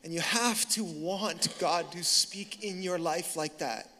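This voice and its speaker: High, bright-voiced pastor in a big hall. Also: male voice. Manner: conversational, animated storytelling with quick restarts. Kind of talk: sermon. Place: large church hall. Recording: reverberant hall.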